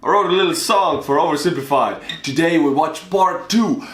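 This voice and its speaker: Estonian-accented YouTuber, jokey reactions, stumbles on names, echoey room with faint music under him. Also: male voice, a little high, moderate pace. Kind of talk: casual reaction commentary.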